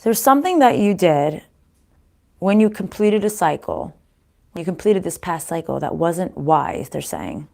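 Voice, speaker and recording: A woman giving a casual tarot reading to viewers, pausing to consult spirits aloud and often restarting her sentences. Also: fairly low pitch, big pitch swings, gravelly, mellow. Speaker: tarot card reader.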